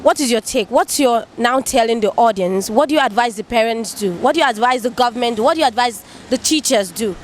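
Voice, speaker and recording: A woman interviewing passers-by outdoors, asking brisk questions. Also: fairly high pitch, slight background noise. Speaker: street interviewer. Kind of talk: street vox-pop interview.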